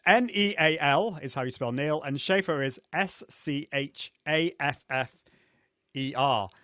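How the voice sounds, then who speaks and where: A man's voice: a little high, measured pace, bright, forceful tone, no room sound, studio quality. A middle-aged man hosting a live video show, chatty, with lots of fillers and restarts. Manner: chatty, many fillers and restarts, laughs often. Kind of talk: casual live-stream chat. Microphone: video call setup.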